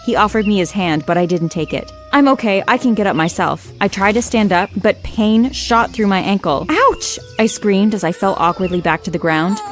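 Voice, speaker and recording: A woman narrating a scripted first-person story in a wry, lively way. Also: medium pitch, fairly quick, few pauses, soft background music.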